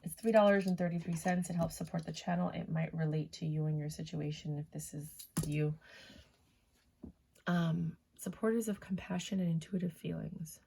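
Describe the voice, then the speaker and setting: Low gravelly woman reading tarot. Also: fairly even intonation, moderate pace, dark tone, slight background noise. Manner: chatty and loose, swears freely. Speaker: tarot reader.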